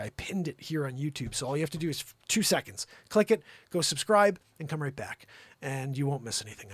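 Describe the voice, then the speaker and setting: Animated high-voiced male comic host. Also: no echo. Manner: animated, jokey, breaks into shouting. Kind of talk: comedic livestream news riffing.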